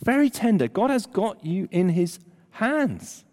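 An older man preaching a sermon, emphatic, at times dropping almost to a hush. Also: high-pitched, a little slow. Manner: animated, emphatic preaching with dramatic drops to near-whisper. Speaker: pastor. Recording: long hall reverb.

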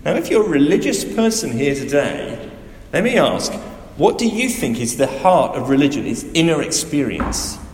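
A man preaching a sermon, emphatic and animated, putting direct questions to his listeners. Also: a little high, normal speed, slight background noise. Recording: echoey hall with faint ambience.

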